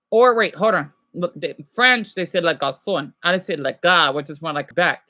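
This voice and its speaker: A man's voice: fairly high pitch, normal speed, hardly any pauses, bright, forceful tone, dry recording. A man streaming live and chatting casually with viewers, rambling, correcting himself and slipping in French phrases. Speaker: livestreamer answering viewers.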